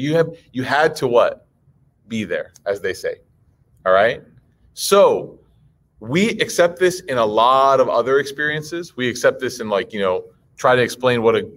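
A man speaks to a live audience in a relaxed, conversational religious talk, acting out voices as he tells stories. His pitch jumps up and down a lot as he talks, and he keeps asking the crowd questions. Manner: lively storytelling, acts out voices, asks the crowd questions. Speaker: Muslim speaker giving a talk.

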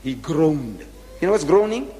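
A man giving a religious lecture who reads scripture aloud and explains it, swinging from loud to hushed and repeating key phrases for emphasis. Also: moderate pace, big-room sound, rough recording. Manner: animated, swinging widely in pitch and loudness, dropping to a hush for emphasis; repeats key phrases to drive a point home.

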